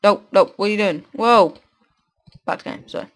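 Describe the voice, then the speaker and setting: A man hosting a gaming video on a headset, chatting casually to himself while he builds, swearing often and breaking into excited bursts. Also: sits high, moderate pace. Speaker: gaming channel host. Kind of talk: casual gameplay commentary.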